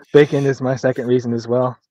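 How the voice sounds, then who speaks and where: A man's voice: mid-range voice, warm tone, no echo, lo-fi sound. A man who is a guest on a podcast, chatting casually, laughing easily and swearing now and then. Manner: laid-back, quick to laugh, swears casually. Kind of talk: casual comedic chat.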